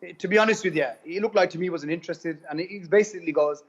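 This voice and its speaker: A man giving an animated testimonial, retelling conversations in a rapid, repetitive way. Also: sits high, breathy edge. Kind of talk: animated personal storytelling. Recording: dull lo-fi recording.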